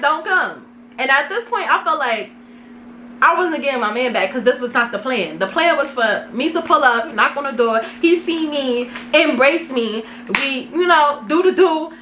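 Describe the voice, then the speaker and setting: A young woman vlogger telling a casual storytime, animated and dramatic, full of slang. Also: high voice, slight background noise.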